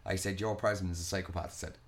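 Fast-talking Irish man ranting. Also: low-pitched, steady tone, vocal fry. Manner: ranting, swears a lot, retells arguments. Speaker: podcast host. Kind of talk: casual podcast chat.

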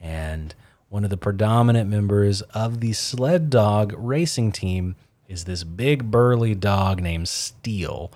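Low-voiced man recapping a film. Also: takes it slowly, a little mellow, no echo. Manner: rambling, trails off, laughs at own slips. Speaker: podcast co-host. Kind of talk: casual chat.

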